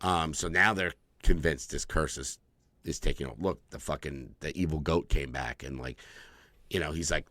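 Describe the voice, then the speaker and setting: A man with a low voice chats casually on a podcast. He recaps films with plenty of swearing and acts out what the characters say. The sound is dry and close, with no room echo. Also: moderate pace. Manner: profane, animated movie recapping with acted-out quotes. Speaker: podcast co-host. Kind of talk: casual chat.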